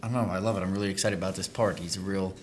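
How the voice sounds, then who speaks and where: A man's voice: sits low, steady tone, rapid-fire, slight background noise, natural voice. A young man auditioning as an actor, reading his lines stiffly and hesitantly. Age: young adult.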